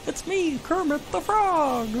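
A man doing an impression of a weary, downtrodden male frog puppet, with a squeezed, quiet throaty voice and a Midwestern tinge. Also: extremely high pitch, lively intonation, slow pace, pitched above the performer's own voice, exaggerated voice, poor audio. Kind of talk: impression during a game stream. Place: home room.

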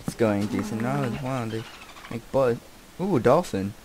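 An easily distracted young man talking his way through a game, jumping from one thing to the next. He breaks into loud outbursts and swearing at the characters on screen. Faint noise and clicking sit under his voice. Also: medium pitch, expressive, measured pace. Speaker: gameplay commentator. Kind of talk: casual game commentary.

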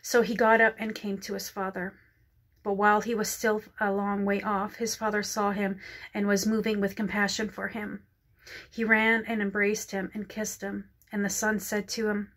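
Flat-voiced woman reading scripture aloud. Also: medium pitch. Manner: halting reading with stumbles and apologies; emotional, close to tears. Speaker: Christian counselor sharing a prophetic word. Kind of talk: reading scripture and sharing a prophetic word. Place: dark room indoors.

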